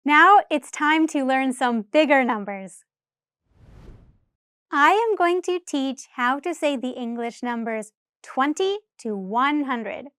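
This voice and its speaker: A woman teaching English number pronunciation, counting clearly and deliberately for learners to repeat. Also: sits high, animated, a bit bright, no room sound, clean studio sound. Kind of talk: slow, careful pronunciation lesson.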